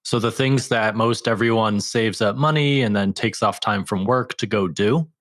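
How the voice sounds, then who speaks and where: A man from the United States, a guest on a podcast, talking in a relaxed, laid-back way. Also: fairly low pitch, normal speed, no echo, studio quality. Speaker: guest, YouTuber and hiker. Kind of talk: casual podcast interview.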